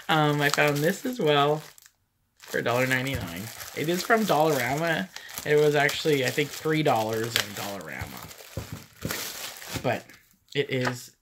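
A woman's voice: low voice, a bit bright, a little hiss or hum. A woman chatting casually through a thrift haul, rambling into stories and laughing often. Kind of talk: casual haul vlog chat.

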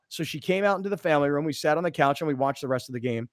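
An excitable male sports radio host spins a story with lots of energy. His voice sits fairly high, and the sound is dry and close. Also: very fast, no echo. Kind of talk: casual sports talk storytelling.

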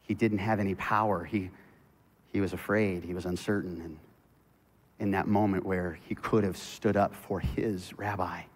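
A man preaching a sermon as pastor, telling stories with animated swings between loud excitement and hushed intensity. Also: low voice, normal speed. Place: church sanctuary. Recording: church hall reverb.

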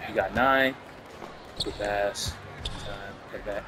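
A man casually commenting on his basketball video game, excitable and swearing, cheering his teammates on and laughing often. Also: fairly low pitch, unhurried, pauses often, a crowd in the background, noisy background. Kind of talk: casual live gameplay commentary.

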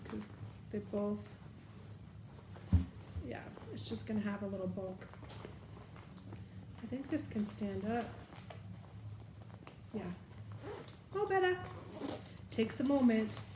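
A woman's voice: mid-range voice, slow, pauses often, roomy sound, background noise. A woman chatting casually as she packs her bag, thinking aloud. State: has the hiccups. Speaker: vlogger. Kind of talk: casual show-and-tell.

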